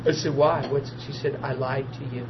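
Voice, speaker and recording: A man, preaching and telling a personal testimony, swinging from hushed talk to loud tearful laughter. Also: mid-range voice, steady tone, normal speed. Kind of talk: testimony storytelling. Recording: dull lo-fi audio with noise.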